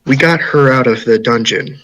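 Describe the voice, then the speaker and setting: A man telling his part of a tabletop game in character, halting and restarting often. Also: medium pitch, fairly bright tone, rough recording. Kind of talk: in-character storytelling.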